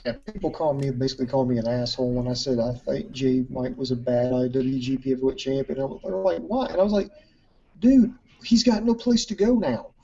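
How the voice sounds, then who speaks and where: A man co-hosting a wrestling podcast, chiming in loudly in casual chat. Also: mid-range voice, brisk, gravelly. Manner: loud, animated interjections. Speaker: podcast co-host. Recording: distant, dull lo-fi audio.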